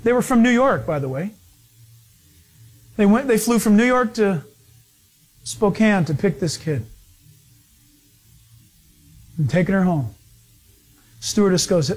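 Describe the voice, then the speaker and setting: High-voiced man preaching a story-filled sermon. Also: a little slow, long pauses. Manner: animated, acts out the people in his stories. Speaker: pastor.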